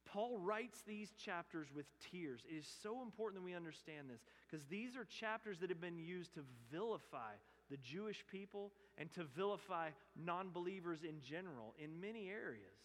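A man's voice: high-pitched, expressive, moderate pace, hardly any pauses. Impassioned male pastor in a reverberant church. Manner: impassioned, swings from loud emphatic to hushed earnest. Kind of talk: sermon. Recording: long hall reverb.

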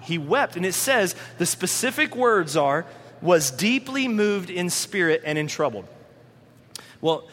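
A man delivers a lively sermon, his voice pitched high and bright. He slips in and out of quoted voices as he talks. The sound carries a long reverb from a large church hall. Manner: animated, acts out quoted voices. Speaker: pastor.

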